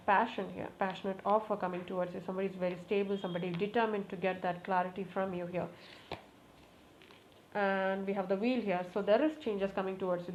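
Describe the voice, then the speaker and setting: A woman does a casual tarot reading, speaking straight to her cards and repeating her requests to them. Her voice sits at an ordinary pitch and now and then breaks into excited exclamations. The recording is a little muffled, with a faint hiss of noise behind her. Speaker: tarot reader.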